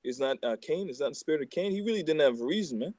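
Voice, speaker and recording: A man in a casual religious discussion who reads scripture aloud, starting in a halting way with many ums before moving on to his own comments. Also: fairly high pitch, lively intonation, darkish tone, dry recording. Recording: noisy recording with clicks.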